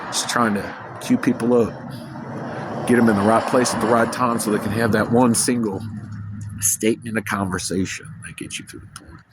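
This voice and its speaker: A man's voice: lowish voice, background noise. A man talking to camera in a rambling personal monologue, losing his train of thought and swearing casually. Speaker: vlogger.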